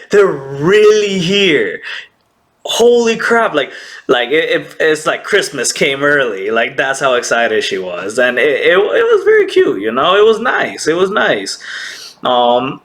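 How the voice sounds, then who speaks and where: A man casually recapping an anime episode, excitable, laughing often and acting out characters' lines. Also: a little high.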